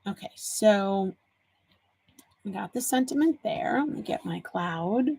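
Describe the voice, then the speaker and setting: In her forties, this livestream host chats easily with viewers, answering their comments and telling stories as she works on a craft project. Her medium-pitched voice is expressive and slow, gravelly and husky with a slightly mellow edge.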